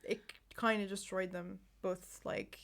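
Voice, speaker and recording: A woman co-hosting a podcast in a loose, rambling chat, with many "like"s and "um"s. Her voice has plenty of vocal fry and a gravelly edge, at a middle pitch. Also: steady tone, unhurried, fairly bright tone. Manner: rambling, full of "like" and "um". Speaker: podcast co-host. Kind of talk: casual chat.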